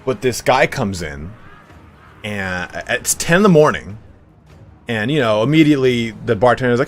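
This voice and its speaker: A man's voice: medium pitch, expressive, moderate pace. A man streaming a game, telling a story in a chatty, rambling way, swearing freely. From United States. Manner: chatty, swears freely, slips into mock voices.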